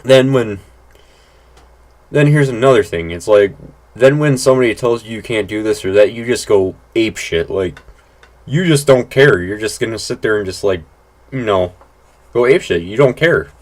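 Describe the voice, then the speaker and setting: A man's voice: on the low side, expressive, normal speed. A man talking through casual gameplay commentary, rambling and blunt, with lots of "like" and restarts and some casual swearing. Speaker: gaming channel host.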